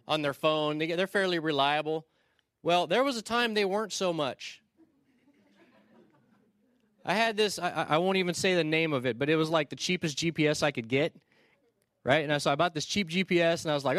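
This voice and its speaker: A male pastor preaching a sermon, telling stories in a conversational way with quick asides and restarts. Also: a little high, a bit bright, no echo, clean studio sound. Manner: storytelling, conversational with quick asides and repeated starts.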